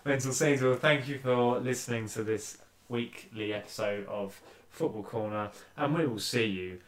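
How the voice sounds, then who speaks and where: A man's voice: mid-range voice, normal speed, recorded from a distance. A man co-hosting a football podcast, telling a story in casual chat with lots of fillers and restarts. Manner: hesitant, many fillers and restarts. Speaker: podcast co-host. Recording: echoey room, voice a bit off-mic.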